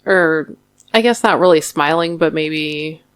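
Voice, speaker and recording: A woman's voice: sits low, unhurried, smooth. A woman co-hosting a podcast, talking in an agreeable, easygoing casual chat. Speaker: podcast co-host.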